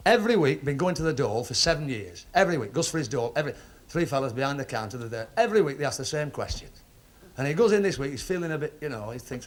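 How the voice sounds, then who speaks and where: A Northern English man doing stand-up, telling jokes in a punchy, lively way on a club stage. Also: medium pitch. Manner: punchy, lively joke delivery with quick asides. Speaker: stand-up comedian. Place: club stage before a laughing audience. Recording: old TV audio with crowd laughter and hiss.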